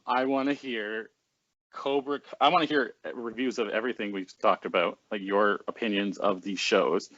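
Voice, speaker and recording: A man's voice: fairly low pitch, a bit bright, no echo. Podcast guy, laughs a lot, lots of ums, dead dry room, kinda muffled. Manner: laughs easily, hesitant with ums and restarts. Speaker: podcast co-host. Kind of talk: casual chat. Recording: dry, dull lo-fi home recording.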